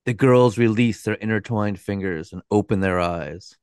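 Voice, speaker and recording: Male co-host narrator, low gravelly tone, unhurried, measured delivery. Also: darkish tone, no echo. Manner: measured, dramatic, with a dry aside. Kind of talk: scripted storytelling narration.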